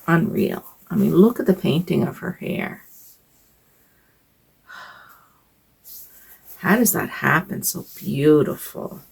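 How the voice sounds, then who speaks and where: Gravelly, low-voiced older woman rambling. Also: animated, slow pace, long pauses, a little mellow. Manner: rambling, hesitant, with sighs and fillers. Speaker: vlogger. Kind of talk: casual personal chat.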